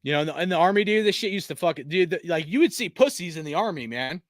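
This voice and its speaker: A man's voice: fairly high pitch, expressive, fast, no echo, clean studio sound. A man hosting a fan channel, ranting in a casual, heated and profane way, with many restarts. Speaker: sports fan channel host.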